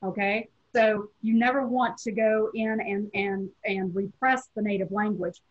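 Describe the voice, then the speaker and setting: A woman with a Southern accent from Tennessee explains classroom practice to teachers over a webinar, measured and direct. Her voice is a touch husky and sits at an ordinary pitch, and the video-call sound is dull and lo-fi. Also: steady tone. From Tennessee, USA. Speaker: teacher educator. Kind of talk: webinar lecture.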